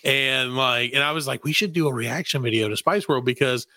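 A man co-hosting a casual comedy podcast, chatting and mimicking others in shrill bits. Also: brisk, dry recording. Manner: animated, mimics voices in high shrill bits. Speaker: podcast co-host.

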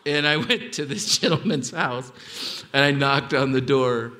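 A man from Mexico in his sixties telling family stories to an audience, an animated storyteller whose pitch leaps on the punchlines. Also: a little slow, a little hiss or hum. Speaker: author giving a talk.

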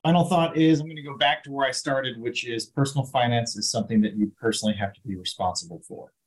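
A man's voice: medium pitch, quick pace, low-quality recording. A man speaking as a panelist in a round table discussion, earnest and emphatic.

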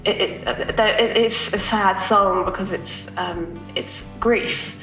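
A woman's voice: mid-range voice, fairly even intonation, takes it slowly, fairly bright tone, soft background music. A woman songwriter answering interview questions in a hesitant, reflective way with many restarts. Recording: roomy, distant mic.

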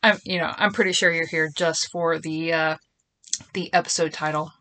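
A woman's voice: deep voice, fairly even intonation, moderate pace, bright, forceful tone. A middle-aged woman hosting her own podcast, chatting casually and rambling from a small closet at home. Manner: chatty, rambling, self-deprecating. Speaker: podcast host. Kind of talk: casual solo podcast chat. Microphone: phone and computer.

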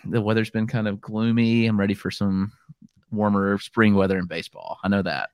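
A man's voice: lowish voice, level tone, moderate pace, a little mellow, clean tone, no echo. A man with a Southern US accent, co-hosting a podcast in an easygoing way with many fillers. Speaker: podcast co-host. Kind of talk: casual podcast chat.

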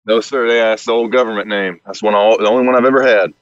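A man from Alabama with a Southern accent, a guest speaking haltingly with many restarts over a call. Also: lowish voice, fairly even intonation, no echo. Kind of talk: casual interview over a call. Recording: dull call audio, dry.

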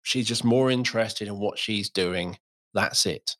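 The middle-aged man hosting this podcast has a lowish voice and talks a little slowly. Chatting casually, he tells stories with animation, dramatizing little moments and imitating voices.

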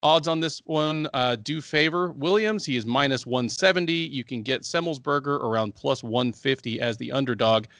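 A man co-hosting a sports podcast, reading a fight preview full of records and betting odds in a measured way. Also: mid-range voice, fairly bright tone, dry recording, studio quality. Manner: measured, stat-heavy delivery. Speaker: co-host.

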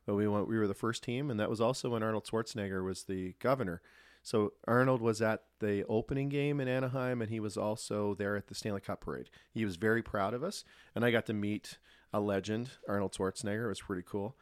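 A former pro hockey player, a man, telling relaxed, rambling stories as a podcast guest. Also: fairly low pitch, fast, smooth, no echo, clean studio sound. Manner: relaxed, anecdotal, lots of restarts. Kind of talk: casual storytelling.

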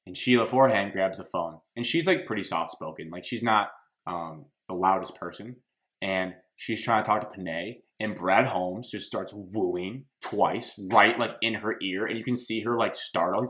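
A man's voice: lowish voice, moderate pace. Chatty man hosting a sports talk show. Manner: animated storytelling, laughs while talking. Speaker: podcast host. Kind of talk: casual sports chat.

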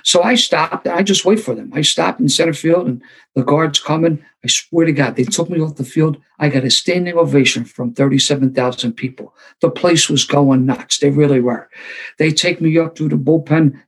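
Gravelly man telling a story. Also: mid-range voice. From Philadelphia. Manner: storytelling, self-deprecating humor. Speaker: speaker sharing his recovery story. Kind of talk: recovery meeting talk.

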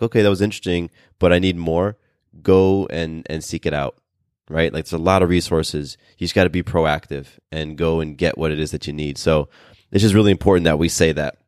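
Man with a very low voice, earnest podcast co-host, dry close sound. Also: a little mellow, clean tone, no room sound. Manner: earnest, speaks in halting restarts; calls his own voice bassy today. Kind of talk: casual podcast chat.

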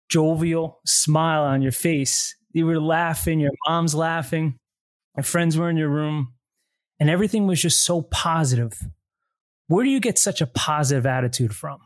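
Guy hosting an interview show, slightly higher voice, gets choked up talking. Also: moderate pace, dry recording, studio quality. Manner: emotional, choked up while asking. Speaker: podcast host.

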